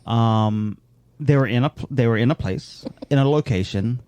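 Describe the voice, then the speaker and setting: Podcast co-host, male, mellow dark tone, dry close sound, rambling deadpan humor. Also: mid-range voice, moderate pace, smooth, dry recording. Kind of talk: casual chat.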